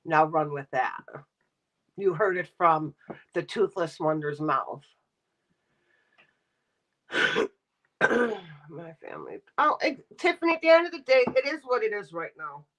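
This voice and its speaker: A woman's voice: lowish voice, expressive, a little slow, pauses often, a bit bright, low-quality recording. A middle-aged woman streaming live, ranting bluntly and sarcastically while talking to her chat. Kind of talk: casual livestream rant.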